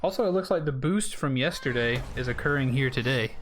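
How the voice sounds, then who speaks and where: A man's voice: mid-range voice, animated, fairly quick, faint music behind. A young man closing out his game stream, chatting casually and thanking viewers by name. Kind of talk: casual end-of-stream chat.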